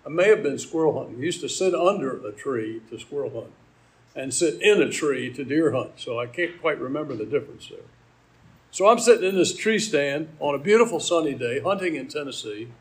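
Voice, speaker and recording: An older man from Maryland delivers a sermon in a storytelling way. His voice sits a little high for a man, and he moves between his own memories and recited scripture. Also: expressive, fairly quick, low-quality recording. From Maryland, USA. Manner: personal storytelling, quoting scripture. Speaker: pastor.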